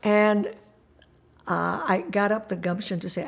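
An older woman recalls her past in an animated, expressive way. She acts out the voices of the people in her stories, often breaking into laughter as she talks. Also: mid-range voice, unhurried, vocal fry. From Puerto Rico. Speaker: interviewee. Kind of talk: documentary interview storytelling.

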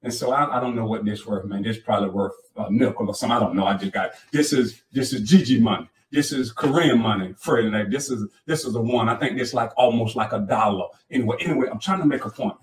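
A man's voice: medium pitch, quick pace, few pauses. A pastor in his fifties preaching a sermon with fervent call-outs to the congregation and folksy, colloquial storytelling. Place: church sanctuary. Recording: roomy church hall, mic from far off.

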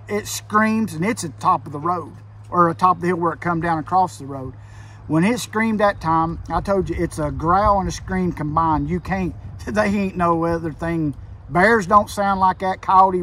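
A man's voice: sits high, sharp tone, far from the mic. A man telling a frightening hunting story in rural dialect, tense and emphatic, heard over a phone call. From Kentucky. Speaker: hunter telling an encounter. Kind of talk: casual storytelling.

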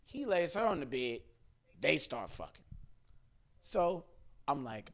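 A man hosting a podcast, telling a crude comic story in an animated, laughing way, full of slang. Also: on the high side, slow. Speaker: podcast host.

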